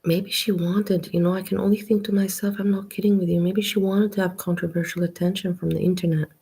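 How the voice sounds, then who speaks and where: Gravelly, low-voiced woman musing aloud. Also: level tone, warm tone. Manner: slow, reflective, repeats herself while searching for words. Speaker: commentator reacting to a video. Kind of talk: casual reaction commentary.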